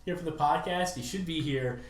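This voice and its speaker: A man's voice: fairly high pitch, fairly quick. A man co-hosting a podcast in casual banter, dry and joking, often laughing. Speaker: podcast co-host. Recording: roomy room echo.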